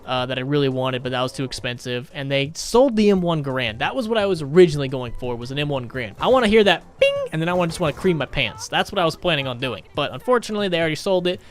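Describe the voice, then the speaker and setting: A man's voice: a little high, lively intonation, very fast, few pauses. A man ranting in profane, rambling gameplay commentary as a gaming YouTuber.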